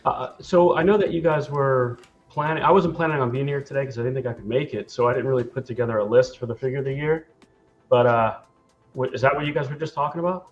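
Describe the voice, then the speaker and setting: An American man chatting casually as a guest on a livestream panel, relaxed and easygoing. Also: medium pitch, fast, lo-fi sound, soft background music. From United States.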